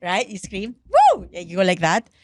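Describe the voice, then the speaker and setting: A middle-aged woman with a Filipino accent, chatting on a podcast as a guest and trauma researcher. She tells her story with animated energy, mixes English with Tagalog, and shrieks when she acts out screams. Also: fairly low pitch, a little fast. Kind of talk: casual podcast chat.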